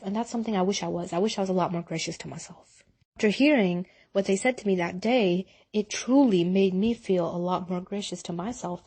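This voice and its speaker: A young woman talks earnestly to her listeners in a heartfelt, casual motivational talk, slipping into relaxed slang as she goes. Her voice is mellow and dark, with a slightly husky, breathy edge, and sits at an ordinary pitch. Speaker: Muslim advice speaker.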